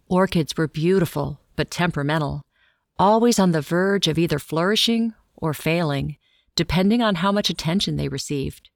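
A woman narrates a story in a low, somewhat husky register with a gravelly edge. Her delivery is measured and steady, in the manner of a recorded audiobook. The sound is dry and close, with no room around it. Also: dry recording. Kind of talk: scripted first- and third-person story narration.

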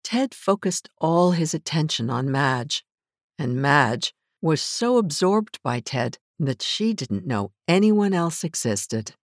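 An audiobook narrator telling a story in scripted narration, measured and even. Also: medium pitch, no echo, studio quality.

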